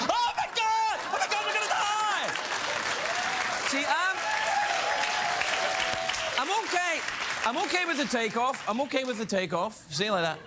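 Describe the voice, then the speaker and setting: A man as a late-night talk show host, giving a stand-up comedy monologue in a self-mocking way, chuckling at his own jokes and jumping into high, yelping asides. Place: TV studio with a live audience. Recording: audience laughter and room noise. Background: live studio audience laughing.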